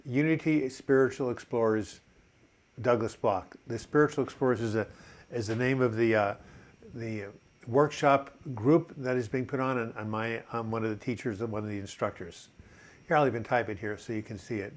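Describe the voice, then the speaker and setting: A man's voice: mid-range voice, moderate pace. An older man hosting a casual live chat, upbeat and chatty as he reads out viewer comments, with plenty of fillers. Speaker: host of a mental health live chat.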